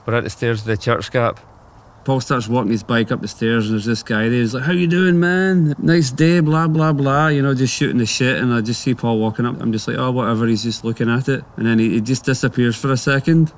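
A man's voice: medium pitch, level tone, fast talker. A Scottish man telling a casual, rambling anecdote, full of fillers and slang. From Scotland. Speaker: storyteller.

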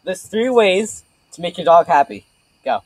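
Competitive man with a lively voice. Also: sits high, poor audio. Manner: teasing, competitive, quick to argue. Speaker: game player. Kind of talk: casual banter while playing a party game. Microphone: laptop webcam mic.

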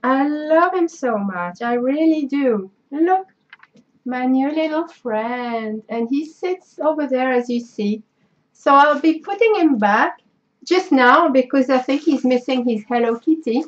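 Slow, gushing French-accented woman. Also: sits high, expressive, muffled recording. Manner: effusive, sentimental, gushing thanks. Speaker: craft vlogger. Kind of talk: casual unboxing chat.

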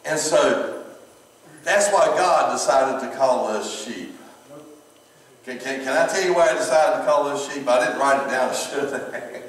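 A man's voice: mid-range voice, a little slow. A middle-aged man with a Southern US accent preaching a humorous sermon, folksy, laughing often and repeating words. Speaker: pastor. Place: church sanctuary. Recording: echoey hall from far off.

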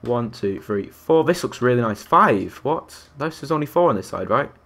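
A young man chats his way through a live game stream, counting out loud and reacting to viewers and other players. His medium-pitched voice is expressive, creaky, and a bit bright, delivered at a normal speed.

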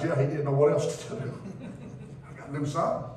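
Pastor preaching in an echoey church. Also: male voice, steady tone, moderate pace, long pauses, slight background noise. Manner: preaching with swings from loud calls to hushed low passages. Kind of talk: sermon. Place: church sanctuary. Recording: very echoey church heard from a distance.

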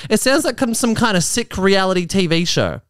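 Brisk and smooth, this podcast host's high voice carries his casual commentary as he reads articles out in his apartment. He jokes animatedly about them and slips into mock voices; there's no room sound.

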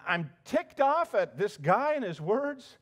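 A man's voice: high voice, sing-song, takes it slowly, a bit bright, pitched above the performer's own voice, heavily acted. A man voicing a proud, angry army commander in a first-person role-play within a sermon. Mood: indignant.

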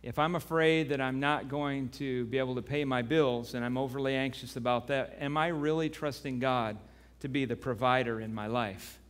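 A man preaching a sermon as pastor. He tells a story with animation and then turns quiet and earnest. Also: medium pitch, fairly even intonation, moderate pace. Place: church sanctuary. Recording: long reverb of a church hall.

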